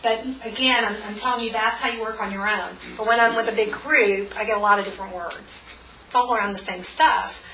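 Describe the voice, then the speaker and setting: A woman in her forties guides a group through a tapping session in a chatty, encouraging way, her voice crisp and bright. She is heard from some distance in an echoey room with faint noise behind. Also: mid-range voice, fairly even intonation, a little fast. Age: 40s. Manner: chatty and encouraging, with many fillers. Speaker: workshop leader.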